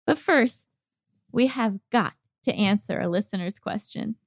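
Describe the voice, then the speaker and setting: A woman co-hosting a podcast, chatting casually and reading listener letters, giggly and animated. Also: mid-range voice, measured pace, gravelly, no echo, clean studio sound. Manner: giggly, animated, laughs often. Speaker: podcast co-host.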